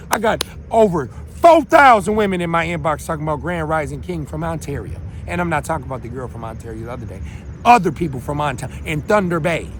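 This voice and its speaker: A man from Minnesota hosting his own show, ranting to viewers in a rambling, emphatic way that swings between loud and quiet. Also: high-pitched, slight background noise. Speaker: show host. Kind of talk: unscripted rant to viewers.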